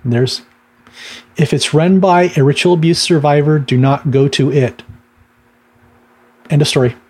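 A middle-aged man speaks as a minister in a relaxed, rambling teaching talk, full of ums and small laughs. His voice sits a touch high for a man, with a husky, slightly rough edge. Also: measured pace. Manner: conversational storytelling with laughs and fillers.

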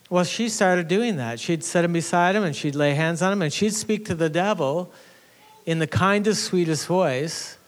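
A man pastor giving a conversational teaching sermon, telling a story with earnest restarts. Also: a little high. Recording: reverberant hall.

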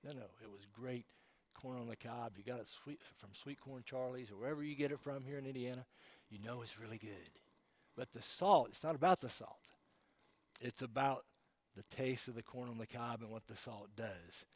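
A man preaching a sermon as pastor, emphatic, swinging from loud declarations to quiet asides. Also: medium pitch, moderate pace.

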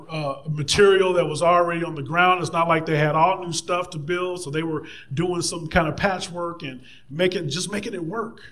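A man preaching a conversational sermon, animated and playful, slipping into mocking voices. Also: on the high side.

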